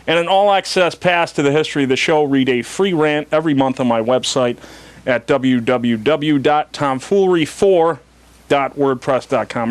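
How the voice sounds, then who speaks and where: A man's voice: a little high, clear, resonant tone, dry recording. A man hosting a talk show, teasing his guests in casual chat and reading out plugs. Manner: playful, teasing interviewer.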